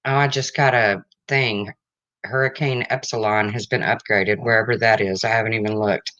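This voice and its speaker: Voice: medium pitch, a bit bright, low-quality recording. A livestream host in casual chat, rambling and breaking off to greet viewers, emotional and close to tears.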